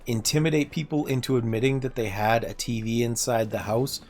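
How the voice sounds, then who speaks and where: A man's voice: fairly even intonation, brisk, a little mellow. A man casually chatting with his chat during a gameplay livestream, joking and muttering to himself while he plays. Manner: drops to low muttering when focused on the game. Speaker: streamer.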